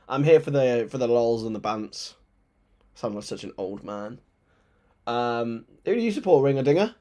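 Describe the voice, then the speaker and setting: A young man hosting a live football watchalong, chatting with viewers and switching into excited play-by-play commentary. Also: mid-range voice. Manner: chatty, reads chat aloud, bursts into excited play-by-play.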